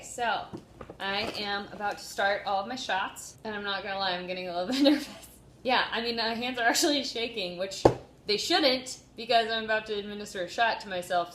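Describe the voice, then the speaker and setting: A woman's voice: medium pitch, fairly quick, a bit bright, a little hiss or hum. A woman in her thirties talking candidly and emotionally to the camera in a personal video diary at home. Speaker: vlogger.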